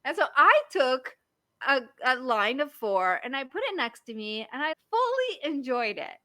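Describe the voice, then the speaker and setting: A chatty woman in her thirties, talking easily and filling her stories with little fillers. Her voice sits a bit high and sounds bright, close and dry. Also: sing-song, measured pace, no room sound. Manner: chatty storyteller, lots of likes and you-knows. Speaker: marriage coach. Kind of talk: casual podcast chat.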